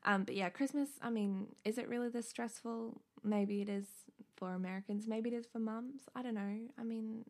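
A woman's voice: fairly high pitch, steady tone, normal speed, darkish tone. A young woman co-hosting a casual chat podcast, chatty and swearing freely as she retells stories. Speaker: podcast co-host.

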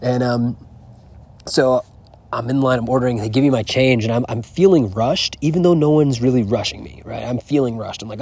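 A man's voice: mid-range voice, fairly quick, darkish tone, husky. A man talking in a casual, rambling and profane vlog monologue, recorded outdoors on a horse farm. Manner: rambling, profane, candid storytelling. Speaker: travel vlogger.

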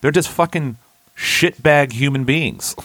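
A man in casual podcast chat, talking in a relaxed way with lots of fillers and frequent chuckles. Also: fairly high pitch, unhurried, no room sound.

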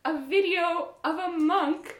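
A woman guest chatting casually, laughing her way through a funny story. Her voice sits high, and the room adds a clear echo. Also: takes it slowly, fairly bright tone. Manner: giggly, storytelling with frequent laughs. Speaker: guest musician. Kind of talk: casual chat.

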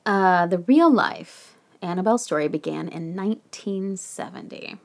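A woman co-hosting a podcast, chatty and animated, casually telling a true haunted story with some swearing. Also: on the low side, unhurried, gravelly.

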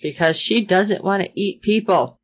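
A woman co-hosting a podcast, reacting to a series with lively, acted-out quotes of characters. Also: mid-range voice, moderate pace, a little hiss or hum. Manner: animated, acts out characters' reactions. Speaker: podcast co-host recapping a series. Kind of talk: casual chat.

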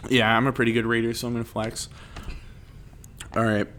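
A man telling a story in casual chat, animated and rambling, swearing freely. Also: medium pitch, brisk.

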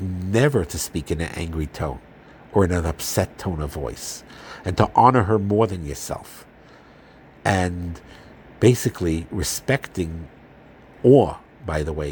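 Deep-voiced man, earnest and gentle lecturer, faint hiss under the recording. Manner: earnest, gentle, often pauses with fillers and restarts. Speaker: Torah teacher giving a marriage talk. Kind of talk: informal religious lecture.

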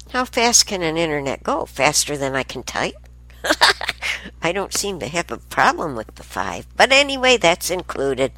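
A woman's voice: a bass voice, fairly bright tone. A woman hosting a show, telling a rambling everyday story in a chatty, casual way. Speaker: show host. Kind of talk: casual monologue.

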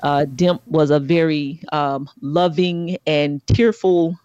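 Co-host: middle-aged woman, animated storyteller, muffled lo-fi sound. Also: slow pace. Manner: animated storyteller, rises to high exclaims. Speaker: podcast co-host. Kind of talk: casual chat.

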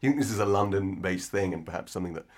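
Deep-voiced man interviewing, hesitant. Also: fairly even intonation, racing, darkish tone. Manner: hesitant, searching for words.

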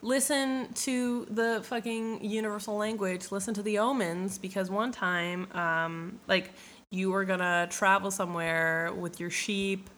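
A woman's voice: medium pitch, steady tone, a little slow, a bit bright, close to an everyday voice. A woman doing a blunt, slangy old alchemist mentor. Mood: lecturing. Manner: blunt, slangy, matter-of-fact.

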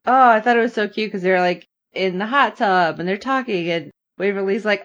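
A woman's voice: fairly quick, hardly any pauses, muffled recording. A woman co-hosting a casual chat, retelling a TV episode and acting out the characters' lines. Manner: animated, acts out characters' lines with big pitch jumps. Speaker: podcast co-host recapping a TV episode.

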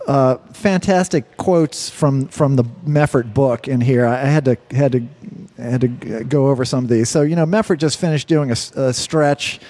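A man's voice: mid-range voice, normal speed, hardly any pauses, dark tone. A man co-hosting a casual talk show, rambling and profane, often repeating words while he searches for them. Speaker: podcast co-host. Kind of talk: casual chat.

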